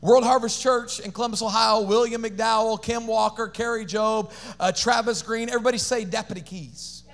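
A pastor preaching an energetic sermon, calling on the congregation to repeat phrases and dropping casual slangy asides. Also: male voice, high voice, moderate pace, few pauses. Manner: animated preaching with call-and-response to the congregation.

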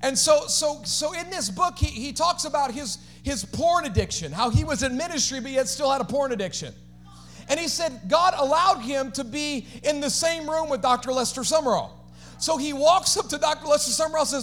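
A man preaching a sermon as pastor, swinging between shouted, sing-song climaxes and quiet, conversational asides. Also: extremely high pitch, brisk, a little hiss or hum.

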